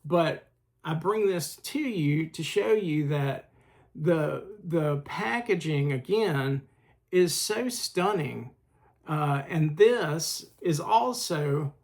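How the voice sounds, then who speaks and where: Man, film review host, fairly high voice, halting with fillers, enthusiastic. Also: vocal fry. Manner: halting, many filler pauses; enthusiastic collector. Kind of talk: casual video review.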